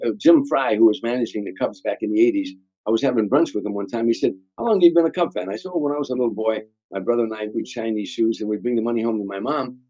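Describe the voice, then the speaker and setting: Older man, rambling storyteller, husky mellow tone. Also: mid-range voice, dry recording, muffled recording. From Chicago area, USA. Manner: rambling, repeats words, emotional recollection. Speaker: guest comedian. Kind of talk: storytelling interview.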